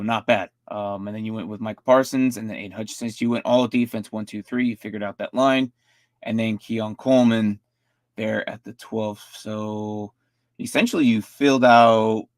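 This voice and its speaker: A man's voice: on the low side, steady tone, unhurried, no room sound. A man casually reviewing fantasy football rosters on a live stream, rambling and often stumbling over and repeating his words.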